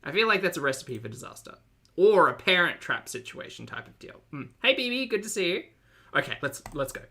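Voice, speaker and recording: A man's voice: a little high, big pitch swings, fairly quick, bright, forceful tone. A young Australian man hosting a live-stream reaction, chatty and joking as he greets viewers by name. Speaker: streamer and host.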